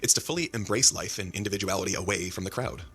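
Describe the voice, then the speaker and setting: A man narrating a video essay in a measured, scripted delivery. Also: deep voice, a bit bright, slight background noise.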